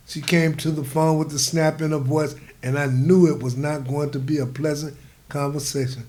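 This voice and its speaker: Man telling his life story, fairly high voice. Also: flat delivery, normal speed, darkish tone. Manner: conversational storytelling. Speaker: author reading his memoir. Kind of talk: memoir narration.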